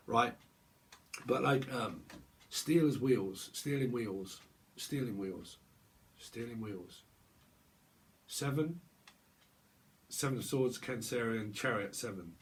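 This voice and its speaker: A man's voice: medium pitch, a little hiss or hum. A man giving a casual tarot reading on camera, rambling and playing with words. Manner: rambling, playful wordplay, laughs often. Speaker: tarot reader.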